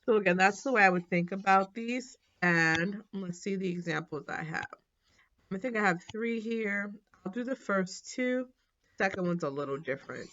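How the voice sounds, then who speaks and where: A woman teaches a math lesson in a casual, relaxed manner, thinking aloud and correcting herself as she works through problems. Her voice is fairly low, and the sound is lo-fi.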